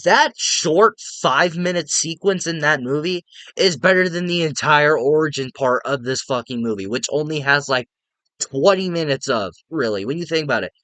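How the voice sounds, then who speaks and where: A man's voice: a little high, normal speed, pushed and bright, no room sound. Young man ranting casually, dry sound. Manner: profane, exasperated, rambling with lots of "like". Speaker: movie reviewer. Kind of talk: casual movie review rant.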